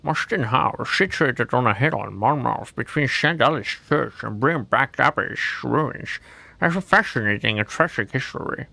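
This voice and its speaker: A man reading game text aloud in a put-on Scottish accent, slow and mumbled, a little away from the mic. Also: medium pitch, expressive, creaky, sharp tone, dry recording, exaggerated voice. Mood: solemn. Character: mock Scottish gentleman reading a grim house history.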